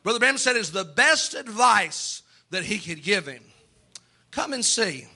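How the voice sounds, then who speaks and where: A man's voice: sits high, sing-song, measured pace, bright, forceful tone, breathy edge. A male pastor preaching a sermon in a church, fervent, acting out the voices of people he quotes.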